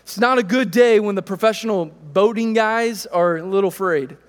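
High-voiced preacher in a reverberant hall. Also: male voice, moderate pace. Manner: conversational storytelling preacher, animated. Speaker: pastor. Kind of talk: sermon.

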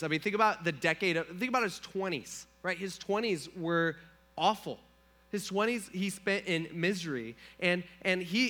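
A man's voice: on the high side, bright, forceful tone. A man preaching a sermon in a casual, storytelling way, full of fillers and acted-out quotes. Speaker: pastor.

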